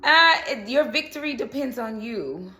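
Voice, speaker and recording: A woman's voice: a little high, animated, moderate pace, pushed and bright, faint music behind. A woman reading tarot cards in a casual chat, who keeps checking in with "okay?" and "you know". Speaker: tarot reader.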